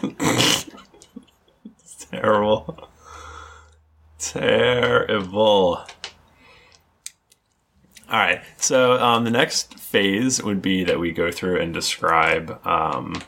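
A man's voice: low-pitched, takes it slowly, vocal fry, bright, forceful tone. A man running a tabletop game as game master, explaining the rules in a rambling way with many restarts. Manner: rambling, lots of ums and restarts.

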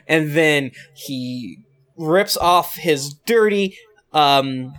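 A man's voice: fairly high pitch, expressive, drawn-out words, fairly bright tone. A man narrating a tabletop game as game master, playful and laughing often. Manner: playful, laughing, many fillers.

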